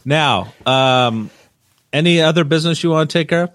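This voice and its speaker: This man in his fifties co-hosts a podcast, chatting casually while he rambles, searches for words and fills gaps with plenty of fillers. His voice is on the high side and a bit bright, at a normal pace, with no room sound.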